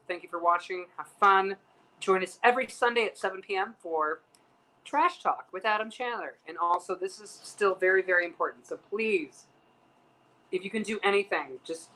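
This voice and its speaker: A man's voice: high voice, low-quality recording. A man hosting a casual chat show from a piano bar, telling stories in a campy, chatty way, swearing freely and acting out the people he quotes. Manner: chatty, campy and profane, with animated quoted voices. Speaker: host.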